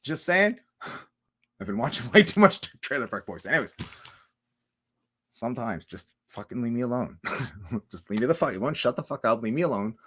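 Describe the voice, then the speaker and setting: A man's voice: mid-range voice, sing-song, normal speed, long pauses, bright, forceful tone, slightly rough. A man chatting casually on a livestream, rambling with many restarts, swearing heavily and laughing often. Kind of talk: casual rambling stream chat.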